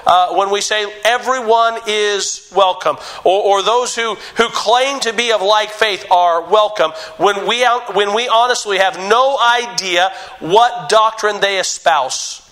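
A male pastor delivers a sermon in a high, bright voice. He presses his points hard, repeating calls to listen and to understand. His phrasing stops and restarts as he works through each point. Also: unhurried, hardly any pauses, poor audio.

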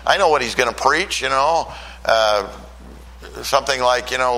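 A man's voice: medium pitch, animated, normal speed, sharp tone, a little hiss or hum, poor audio. An older man from Michigan preaching a sermon and telling his own conversion story in an earnest, storytelling way. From Michigan, USA. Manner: earnest storytelling, voice rising when emotional. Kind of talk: sermon with personal testimony.

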